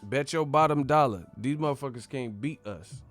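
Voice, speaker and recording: A man's voice: mid-range voice, soft background music. A man hosting a boxing channel, ranting profanely in a casual live stream. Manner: profane, animated, fast-talking.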